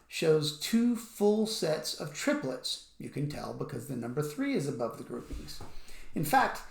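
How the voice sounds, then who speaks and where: A man teaching music rhythm, explaining patiently and counting beats out loud. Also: fairly high pitch, vocal fry. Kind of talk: instructional explanation with counting aloud. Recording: echoey room.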